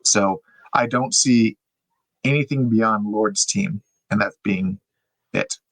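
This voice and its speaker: A man's voice: on the low side, takes it slowly, a bit bright, no echo, poor audio. A young man co-hosting a podcast, explaining things in a casual, chatty way with plenty of fillers. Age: young adult. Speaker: podcast co-host.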